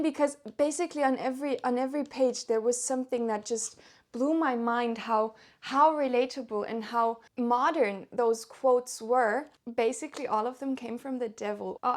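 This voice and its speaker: A woman with a slightly higher voice gives a casual book review on her vlog. She talks with eager, chatty enthusiasm and often repeats or rephrases herself mid-thought. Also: a little mellow. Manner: enthusiastic, chatty, with frequent self-corrections. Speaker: book vlogger.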